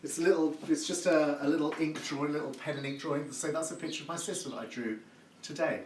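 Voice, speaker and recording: A man's voice: a little high, steady tone, fast. A man hosting a live cooking demonstration from his kitchen, chatty and effusive and full of praise words. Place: home kitchen. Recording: echoey room, distant mic, background noise.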